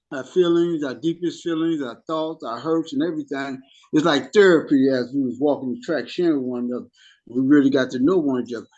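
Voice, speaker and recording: A middle-aged man speaks in a support group, his voice sitting a little high for a man. He tells his story heatedly, stumbling over repeated words as he goes. The recording sounds dull and lo-fi. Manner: heated storytelling with stammered restarts. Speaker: formerly incarcerated group member.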